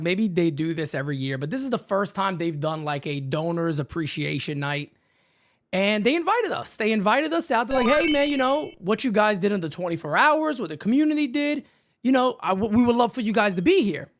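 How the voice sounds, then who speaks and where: A man hosting a baseball fan live stream from his home setup, hyped and shouting out viewers in the chat by name. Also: high voice. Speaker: baseball fan show host.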